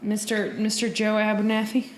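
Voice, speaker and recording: A woman's voice: mid-range voice, monotone, moderate pace, slight background noise. A young adult woman co-hosting a podcast, adding wry, playful asides to a casual TV recap. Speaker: podcast co-host. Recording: echoey room.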